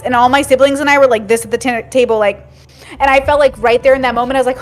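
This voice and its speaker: A woman's voice: high-pitched, rapid-fire, soft background music. A woman in her thirties telling family stories in casual chat, acting out her parents' lines. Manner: animated storyteller, acts out quotes. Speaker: podcast guest.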